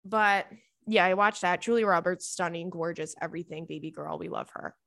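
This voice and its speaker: A woman's voice: lowish voice, fairly quick, fairly bright tone, no echo, studio quality. A young woman hosting a podcast, chatting casually in a rambling, gushing way and swearing freely. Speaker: podcast host. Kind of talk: casual chat.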